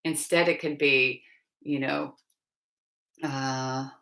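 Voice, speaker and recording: A woman coaching on a casual live stream, chatty and meandering, with frequent soft laughs and lots of "you know.". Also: a bass voice, steady tone, takes it slowly, vocal fry. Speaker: fertility and pregnancy coach.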